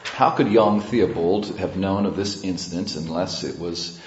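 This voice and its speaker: Priest, low voice, preaching a sermon, storytelling with emphatic build-ups, echoey church sound. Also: male voice, a little hiss or hum. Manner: storytelling with rising emphasis and pauses. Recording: echoey, dull church recording.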